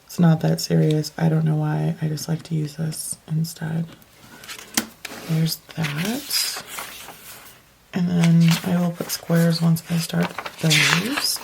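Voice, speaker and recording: Woman with a gravelly morning voice. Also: low voice, background noise. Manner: rambling, self-correcting, laughs often. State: deep morning voice. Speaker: bullet journal vlogger. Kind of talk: casual chatty tutorial.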